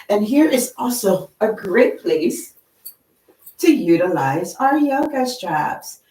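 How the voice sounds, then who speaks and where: A woman leading a yoga class, gently talking students through stretches and breathing and checking in with "okay?". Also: mid-range voice, roomy sound, distant mic, poor audio. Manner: slow, gentle and encouraging, with frequent "okay?". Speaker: yoga instructor. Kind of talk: guided yoga class instruction. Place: yoga studio.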